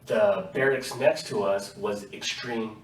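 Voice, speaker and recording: A man with a fairly low voice tells stories as a podcast guest, animated and quick to laugh. He sounds a little away from the mic in an echoey room with a faint hiss behind him. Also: distant mic. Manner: animated storyteller, laughs often. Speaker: guest, army veteran. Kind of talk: casual podcast interview.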